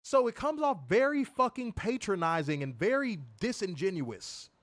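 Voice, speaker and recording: A man co-hosting a casual wrestling review podcast, animated, swearing freely and laughing often. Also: sits high, moderate pace. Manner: animated, profane, laughs a lot. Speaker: podcast co-host.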